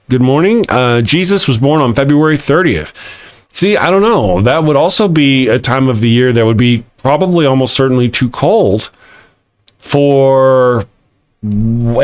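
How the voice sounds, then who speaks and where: A middle-aged Texan man with a medium-pitched voice hosts a live-stream morning show, rambling and poking fun at himself while he reads viewer comments and laughs often.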